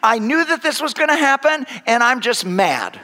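Guy playing a pouty, fed-up man ranting way up high and loud, big hall echo. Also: big pitch swings, normal speed, full character voice. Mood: exasperated. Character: sulking, indignant grown man ranting upward.

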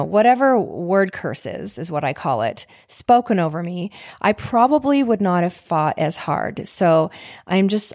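A woman's voice: fairly low pitch, darkish tone. A young adult woman hosting a podcast, earnestly retelling a personal story in a heartfelt, faith-filled way. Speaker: podcast host.

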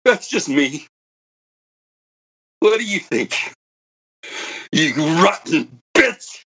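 A husky, bitter old man pours out a grievance in a dramatic monologue. His voice swoops high and low with raw feeling, wry one moment and anguished the next. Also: animated, measured pace, fairly bright tone, heavily acted. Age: older. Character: bitter old man, a broken former computer prodigy.

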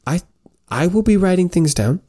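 An eager young woman scholar, voiced by a man, her pitch pushed well up. She gushes and bubbles, quick to tease, in a tabletop game. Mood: teasing. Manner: excited, gushing.

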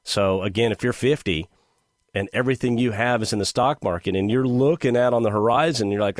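A middle-aged man hosting a show, talking in a casual, sarcastic and animated monologue. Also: medium pitch, a little fast, no room sound, clean studio sound. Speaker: podcast host.

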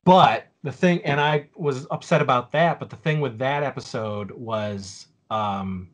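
On a laid-back podcast, a forties-aged man rambles through a story, full of fillers and false starts. He speaks at a measured pace with a medium-pitched voice.

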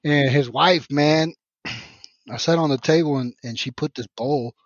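A man from Mexico with a slightly high voice tells a rambling, profane story in casual podcast chat, unhurried but animated and restarting constantly. The dry recording has a dull, lo-fi podcast sound.

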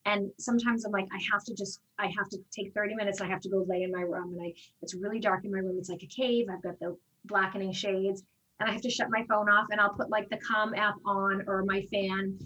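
A woman's voice: medium pitch, fast talker, recorded from a distance, rough recording. A woman who teaches fitness classes, chatting in an interview and acting out the conversations she retells. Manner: animated storyteller, acts out quoted exchanges. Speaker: fitness instructor. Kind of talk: casual interview talk.

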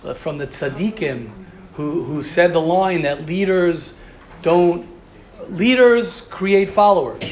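A man's voice: on the high side, slow. A man giving a passionate, informal Torah talk as a yeshiva rabbi, often repeating words and restarting.

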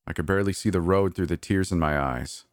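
Deep-voiced male narrator, earnest first-person storytelling, dry close sound. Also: quick pace, no room sound.

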